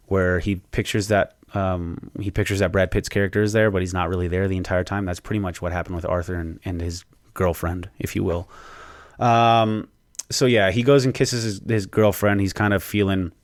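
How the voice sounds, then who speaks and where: A man hosting a podcast in an excited, casual way. He swears freely and fills pauses with "um". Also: low-pitched, no echo, clean studio sound. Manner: excited, profane, lots of fillers. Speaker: podcast host. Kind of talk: casual chat.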